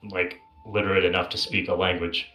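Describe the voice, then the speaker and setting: Deep bright-toned man running a game. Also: brisk, echoey room, soft background music. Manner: relaxed, filler-heavy narration. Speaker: game master. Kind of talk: narrating a tabletop game.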